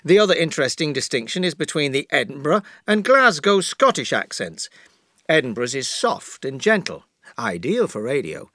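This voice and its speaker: A man with a Yorkshire accent, a professor answering questions as a guest in a scripted interview, explaining in a measured way. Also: a little high, big pitch swings, a bit bright, no room sound, studio quality. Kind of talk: scripted listening-exercise interview.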